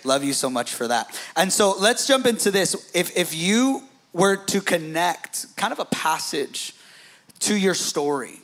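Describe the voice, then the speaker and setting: A pastor with a slightly higher male voice hosts a relaxed talk with a guest. He speaks emphatically and keeps the conversation moving. The delivery is casual and conversational. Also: unhurried. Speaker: pastor, host.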